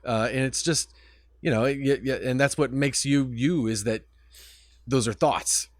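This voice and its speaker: Man, mid-pitched, halting and supportive, lots of restarts, dry close sound. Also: no echo. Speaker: podcast co-host. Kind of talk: casual podcast chat.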